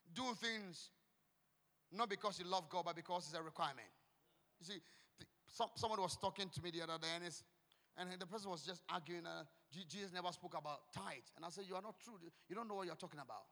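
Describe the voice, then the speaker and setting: A man with a Ghanaian English accent, preaching a fiery sermon in church, shouting and repeating declarations. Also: high voice, fast talker. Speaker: pastor. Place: church hall. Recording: long echoing hall.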